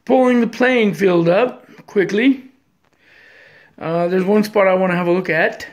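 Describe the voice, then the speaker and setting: A pinball hobbyist chatting to viewers in a casual vlog, thinking out loud and breaking into excited exclamations while showing a repaired machine indoors. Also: medium pitch, a little slow.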